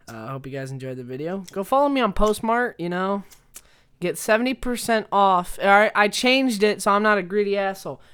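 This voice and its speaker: A man's voice: extremely high pitch, fairly bright tone, clean tone. A young man vlogger casually telling a story, rambling and swearing as he laughs along. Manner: rambling, profane, laughs through his story.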